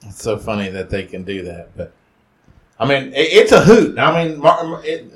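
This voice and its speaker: A man co-hosting a podcast in casual chat, low-key and soft-spoken, reacting briefly to the others. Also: big pitch swings, moderate pace. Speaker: podcast co-host.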